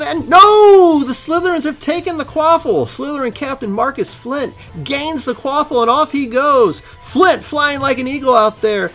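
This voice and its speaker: A man putting on a fake announcer voice to play an excitable young male school sports announcer calling a match play by play. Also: very high voice, pitched above the performer's own voice, full character voice. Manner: rapid play-by-play calling, shouting at big moments.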